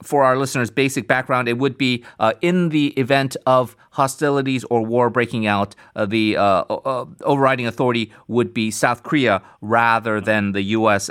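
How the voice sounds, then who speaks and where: A man's voice: mid-range voice, a bit bright. A man hosting a radio interview, introducing the guest and framing questions in a conversational way, with frequent filler sounds.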